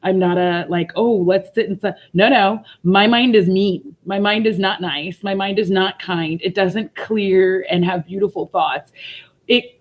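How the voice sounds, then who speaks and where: A woman's voice: medium pitch, fairly even intonation, unhurried. Woman livestreamer, tearful but laughing, loose and profane, casual chat. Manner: emotional, laughing through tears, swearing freely. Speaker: vlogger.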